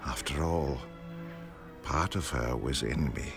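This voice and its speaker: An actor playing an older wizard who narrates his own story in a measured, solemn storytelling voice. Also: rumbling low, creaky, heavily acted. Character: older male wizard recalling his life. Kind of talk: film narration. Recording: music under narration.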